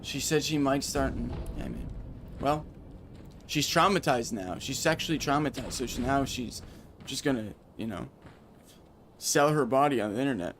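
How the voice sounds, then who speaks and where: A man's voice: medium pitch, animated, normal speed, noisy background. A man streaming a video game, chatting casually and sarcastically with his viewers. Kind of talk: casual gaming stream chat.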